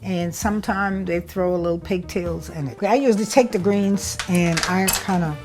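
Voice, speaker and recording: A woman's voice: fairly low pitch, moderate pace, music in the background. A woman from South Carolina with a Gullah Geechee accent, a chef and cookbook author talking casually and proudly while she cooks outdoors at a family cookout. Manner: homey, proud, explains as she works. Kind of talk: casual talk while cooking.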